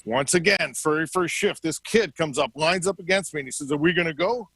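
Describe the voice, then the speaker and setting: Man in his fifties, interview guest, animated storyteller, slightly high voice, dry close sound. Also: normal speed, vocal fry, breathy edge, dry recording, poor audio. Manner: animated storyteller acting out quoted dialogue. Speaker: interview guest, former hockey player. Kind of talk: casual storytelling.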